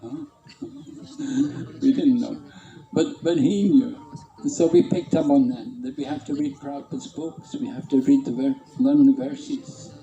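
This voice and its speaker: A man's voice: medium pitch, animated, a little slow, roomy sound, lo-fi sound, faint music behind. A man casually reminiscing about his early temple days, often chuckling. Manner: warm-humored, chuckling, imitates others. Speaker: devotee reminiscing.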